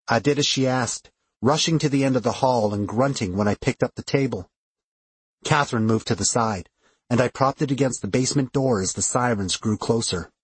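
Expressive male audiobook narrator, husky. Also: medium pitch, a little fast, no echo. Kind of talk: first-person fiction narration.

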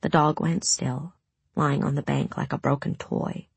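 Woman reading a dark story, low husky voice, dry close mic. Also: fairly even intonation, no room sound. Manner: measured, dramatic storytelling. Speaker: narrator. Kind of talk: audiobook narration.

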